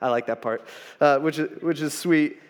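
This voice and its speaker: A man's voice: a little high, normal speed. A young man preaching as a pastor, retelling a story in a loose, conversational way with fillers and restarts. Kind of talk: conversational sermon.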